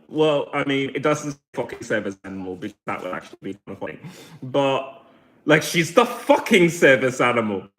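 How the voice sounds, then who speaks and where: A man's voice: mid-range voice, sing-song, brisk, a bit bright. A man from Brazil ranting at his livestream chat, swearing heavily, telling a story and mocking people in put-on voices. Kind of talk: angry livestream rant.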